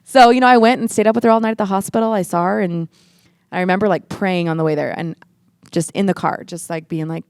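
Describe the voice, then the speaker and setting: A woman's voice: mid-range voice, fast talker, a little mellow, clean tone, no echo, studio quality. A woman guest on a church podcast telling her personal story with earnestness, near tears at times. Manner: earnest, emotional storytelling, acts out quoted voices. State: tearful at times. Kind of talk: personal testimony in casual chat.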